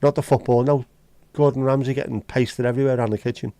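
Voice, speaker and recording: A man with a Liverpool (Scouse) accent hosts a casual livestream, talking fast in a mid-range, dark-toned voice with fairly even intonation and no echo. He banters bluntly with viewers and swears as he chats.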